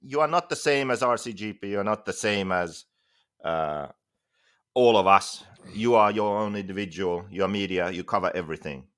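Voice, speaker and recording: A man's voice: on the low side, moderate pace, a bit bright. A man co-hosting a casual podcast, blunt and steering the talk, with some swearing. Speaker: podcast co-host.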